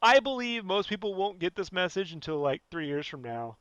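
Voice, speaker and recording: A man's voice: high-pitched, very animated, a little fast, fairly bright tone, clear, resonant tone, no room sound, highs cut off. A man hosting a podcast, ranting in a blunt, profane, rambling way and leaning on "you know" constantly. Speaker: podcast host. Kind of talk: casual podcast rant.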